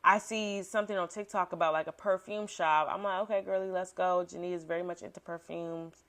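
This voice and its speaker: A woman's voice: fairly low pitch, fairly even intonation, a little fast. A young woman podcast host telling a story in a casual, slangy way, acting out quotes with big jumps in her voice.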